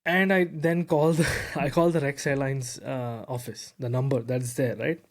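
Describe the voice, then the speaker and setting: A man hosting a tech podcast, telling a story in a lively, casual way with lots of fillers and repeated words. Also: medium pitch, unhurried. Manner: animated, repeats words, heavy fillers like "bro" and "you know". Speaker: podcast host.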